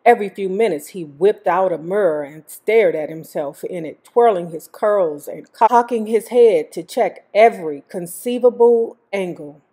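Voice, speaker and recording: A woman's voice: mid-range voice, moderate pace, few pauses, mellow, husky. A woman host reading a memoir aloud, breaking off for blunt, joking commentary. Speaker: YouTube host.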